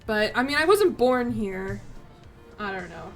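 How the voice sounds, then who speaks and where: A woman's voice: mid-range voice, big pitch swings, slow, pauses often, fairly bright tone, faint music behind. A woman game streamer chatting casually and rambling a little, reading chat and poking fun at herself as she plays. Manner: chatty, rambling, self-deprecating, reads out chat.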